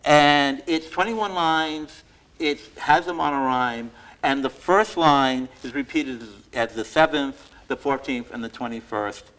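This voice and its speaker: A man reading his own poems aloud to a live audience at a museum event, reciting with loud emphasis and adding chatty, self-deprecating asides full of fillers and laughter. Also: mid-range voice, measured pace, poor audio. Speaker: poet receiving an award.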